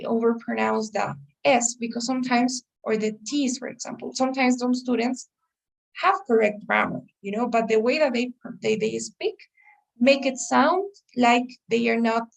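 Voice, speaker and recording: A woman's voice: on the high side, creaky. A woman teaching an English test-prep class, explaining patiently and checking in with her students often. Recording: voice a little far from the mic.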